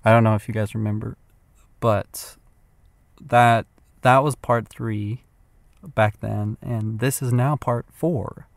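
A man's voice: on the low side, steady tone, slow pace, vocal fry. A man hosting a podcast, rambling through a comedic monologue with goofy laughs and playful sound effects while walking outdoors. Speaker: podcast host.

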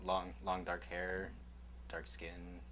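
Low-voiced man, sheepish guest. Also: completely flat delivery, slow, fairly bright tone, a little hiss or hum. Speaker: guest co-host. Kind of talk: casual chat.

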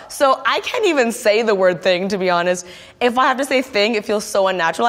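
A woman's voice: medium pitch, animated, quick pace, long reverb tail. A woman from Canada talking in a chatty, emphatic way in a played clip. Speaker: entertainer in a clip.

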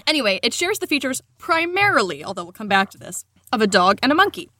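A woman's voice: high voice, big pitch swings, moderate pace, sharp tone, dry recording, studio quality. An American woman co-hosting a comedy podcast, chatting casually with a giggly, rambling, self-deprecating manner. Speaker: podcast co-host.

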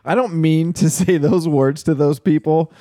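A man's voice: on the high side, fairly even intonation, moderate pace, mellow, no room sound, studio quality. A young man co-hosting a casual comedic podcast, telling stories, laughing often and saying "dude" a lot. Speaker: podcast co-host.

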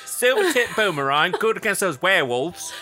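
A speaker putting on a put-on Australian accent to play a male boomerang seller in a vampire town, with hearty salesman patter and laughing through it. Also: sing-song, moderate pace, sharp tone, faint music behind. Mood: hawking.

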